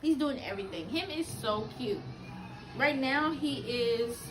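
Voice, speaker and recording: A woman with a high, bright-sounding voice talks loudly and with excitement to her vlog audience. She gushes and coos, slipping into baby talk as she chats away in a casual home video. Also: unhurried, music in the background. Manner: gushing, animated, talks loudly. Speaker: vlogger and new mother.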